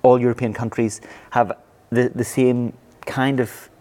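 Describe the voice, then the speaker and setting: A man's voice: medium pitch, level tone, unhurried, warm tone. A man in his forties with a Northern Irish accent, a pastor answering interview questions earnestly, with frequent fillers and restarts. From Northern Ireland. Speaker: pastor and church planting leader.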